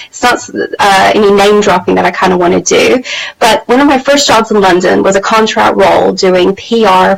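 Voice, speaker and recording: The host of a women's empowerment channel speaks in a gravelly, medium-pitched voice over a low-quality recording. During her motivational live stream she tells a personal story candidly and chattily, using lots of fillers.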